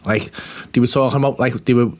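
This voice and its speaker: A man's voice: medium pitch, fairly even intonation, quick pace. A man co-hosting a podcast, telling a story in casual chat, swearing freely and laughing through it. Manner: swears a lot, laughs through his stories, mimics people he quotes. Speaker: podcast co-host.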